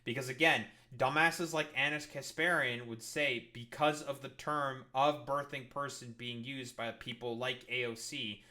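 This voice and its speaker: A man's voice: medium pitch, fairly even intonation, measured pace, few pauses, bright, forceful tone. A man streaming a reaction to a clip, ranting about politics with constant swearing and mocking exasperation. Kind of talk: profane political rant.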